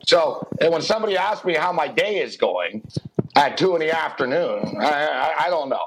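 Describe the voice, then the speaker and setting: A high-pitched man hosting a sports betting chat show. He tells stories with lots of energy, acts out every line of dialogue, and breaks into laughter as he goes. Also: moderate pace, background noise. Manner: animated storyteller who acts out dialogue, laughing often. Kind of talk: casual chat.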